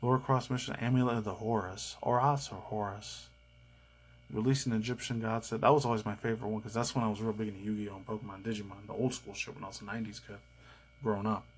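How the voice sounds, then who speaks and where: A man's voice: lowish voice, little pitch movement, fast, slightly rough, low-quality recording. A man in his thirties hosting a casual reaction video, rambling in a loose, slangy, chatty way. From United States. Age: 30s.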